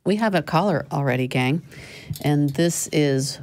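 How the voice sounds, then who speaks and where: A middle-aged woman hosting a casual panel chat, talkative and quick to laugh, often correcting herself. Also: low-pitched, darkish tone. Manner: chatty, laughing, self-correcting. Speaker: show host.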